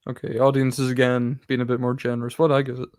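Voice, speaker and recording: A man's voice: medium pitch, completely flat delivery, quick pace, darkish tone, clean tone, no room sound. A man co-hosting a casual film podcast, thinking aloud hesitantly as he guesses films. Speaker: podcast co-host. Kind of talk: casual chat.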